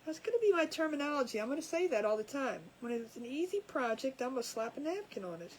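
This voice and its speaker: High-pitched chatty woman crafter. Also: sing-song, fast talker, slight background noise, rough recording. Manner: chatty, laughs at her own jokes. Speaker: crafting livestream host. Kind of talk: casual chat while crafting. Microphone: camera over a crafting table.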